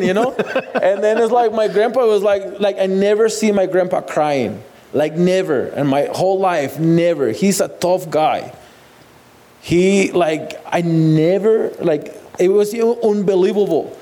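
Man, somewhat high voice, halting heartfelt testimony. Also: darkish tone. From Mexico. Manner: halting, repeats words, non-native phrasing. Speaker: guest sharing testimony. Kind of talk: personal testimony.

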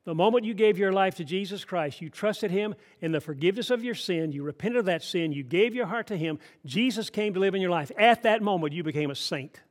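A man's voice: high voice, a little fast, hardly any pauses. An older man from Atlanta, preaching a sermon in a folksy, emphatic way with asides to the congregation. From Atlanta, Georgia. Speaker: pastor.

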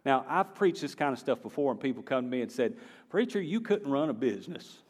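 A pastor with a Southern American accent preaches from the pulpit of a church sanctuary, folksy and conversational but rising into emphatic bursts. His medium-pitched voice is animated, brisk and slightly rough. The recording carries the reverb of the church hall, with faint guitar in the background.

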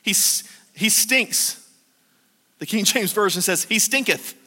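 A man preaching a sermon. He reads scripture and acts out the disciples and Martha in animated paraphrase. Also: sits high, takes it slowly. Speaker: pastor. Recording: long hall reverb.

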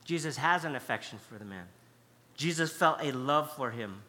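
A man's voice: mid-range voice, animated, normal speed, sharp tone. A man preaching a sermon, emphatic and conversational, stressing key words by repeating them. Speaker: pastor.

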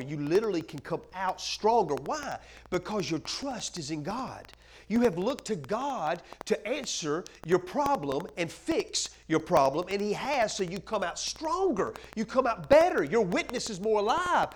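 A man preaching a sermon as pastor. He asks the congregation questions and answers them himself, drops to a hush at times, then builds up loud and fervent. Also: mid-range voice, a little hiss or hum.

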